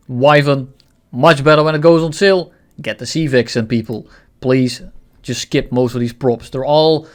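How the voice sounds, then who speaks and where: A man giving casual, blunt game commentary, opinionated and ranting, with frequent swearing. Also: mid-range voice. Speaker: gaming video creator.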